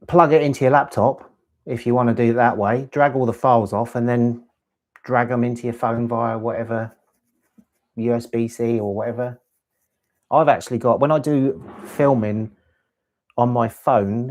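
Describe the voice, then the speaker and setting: A man's voice: mid-range voice, darkish tone. A man hosting a casual live stream, chatting in a rambling way and answering viewers' questions about gear. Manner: rambling, chatty, reads chat aloud. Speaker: LEGO channel host.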